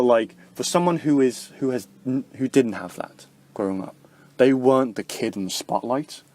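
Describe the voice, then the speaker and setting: A young man talks straight to his audience in a loose, rambling vlog monologue. He leans on filler words, swears freely, and keeps circling back to his point. His voice sits at an ordinary middle pitch. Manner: rambling, heavy filler words, profane, animated quoting. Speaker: vlogger.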